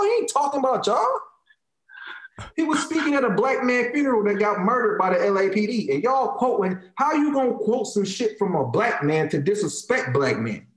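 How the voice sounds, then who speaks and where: A man's voice: very high-pitched, reverberant, rough recording. Fired-up man with an African American Vernacular English accent. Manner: heated, profane, emphatic, repeats phrases for emphasis. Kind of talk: casual opinionated rant.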